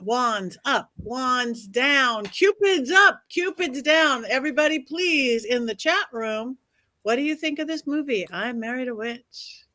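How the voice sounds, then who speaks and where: A woman's voice: high-pitched, expressive, unhurried, sharp tone, dry recording. A woman hosting a livestream, playful and theatrical as she runs the audience vote. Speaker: host running the vote.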